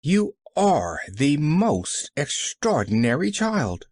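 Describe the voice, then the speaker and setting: A man's voice: on the high side, wildly swooping pitch, slow, darkish tone, no room sound, clean studio sound, pitched above the performer's own voice, full character voice. A man voicing a cold, impatient older aunt. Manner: cold, clipped.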